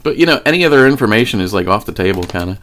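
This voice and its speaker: A man's voice: on the low side, lively intonation, very fast, fairly bright tone, slight background noise. A man telling a story to camera in a casual, profane way, laughing often. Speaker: vlogger.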